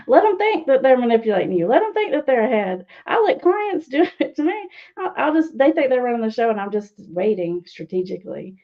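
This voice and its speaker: Gravelly, teasing woman recovery coach. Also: fairly high pitch, big pitch swings, a little fast, lo-fi sound. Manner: teasing, sarcastic, laughs often. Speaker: guest speaker, addiction recovery coach. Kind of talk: interview answers.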